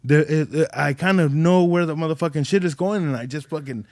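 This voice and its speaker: A man's voice: a little high, fairly quick, darkish tone, no room sound, clean studio sound. A man as a podcast guest telling stories in casual chat, swearing a lot, rambling, and acting out the voices of people he quotes.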